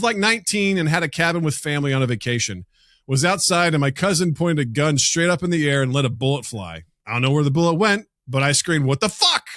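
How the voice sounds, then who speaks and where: A man co-hosting a podcast, telling stories in casual chat and acting out the people he quotes in loud, high voices. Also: no echo, clean studio sound. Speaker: podcast co-host.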